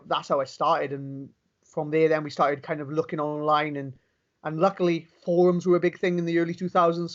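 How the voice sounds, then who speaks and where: A young Welsh man being interviewed, telling stories eagerly and restarting his sentences often. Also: on the high side. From Wales. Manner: fast, enthusiastic storytelling with many restarts. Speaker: interview guest, pro wrestler. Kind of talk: casual interview chat. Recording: dull lo-fi recording.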